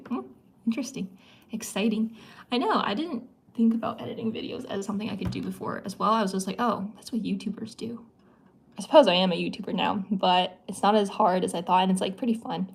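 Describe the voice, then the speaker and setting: A woman's voice: medium pitch, fast, breathy edge. A young woman from the US Midwest hosting a casual livestream, answering chat questions in a chatty, playful way. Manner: chatty, playful, with many likes and giggles.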